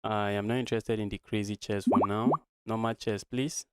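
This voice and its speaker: A young man from Nigeria calls a live chess game with a smooth, resonant voice, mumbling through his calculations as he plays. He keeps talking to his viewers as "guys". The sound is dry and close to the mic, with no room around it. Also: lowish voice, fairly even intonation, normal speed, no room sound. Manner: thinks aloud, muttering lines of play, often addresses viewers as guys. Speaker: chess streamer. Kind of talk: live-streamed chess commentary.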